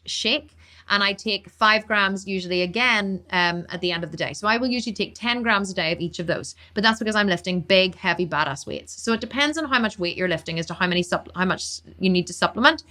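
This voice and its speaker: A woman fitness coach answering viewer questions on a live stream, talking fast, blunt and emphatic. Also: medium pitch, bright, forceful tone.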